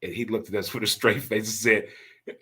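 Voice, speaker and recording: Speaking straight to his audience, this podcast host riffs in a folksy monologue packed with repeated catchphrases. His voice sits on the low side, bright and husky, with a steady, forceful tone and a brisk pace.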